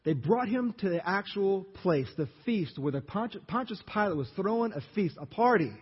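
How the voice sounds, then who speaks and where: A man's voice: sits high, lively intonation, moderate pace, breathy edge. Pastor guy telling a bible story big and dramatic, kinda muffled recording in a church. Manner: dramatic storytelling, acting out crowd voices. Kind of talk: sermon. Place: church sanctuary. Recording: dull reverberant church recording.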